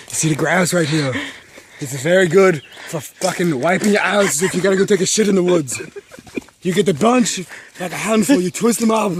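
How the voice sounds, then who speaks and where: A man putting on a crude, boastful action-star character on a nature walk, rambling profanely and laughing at his own jokes outdoors on a trail. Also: high-pitched. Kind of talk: improvised comedy walk-and-talk. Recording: clear outdoor background noise.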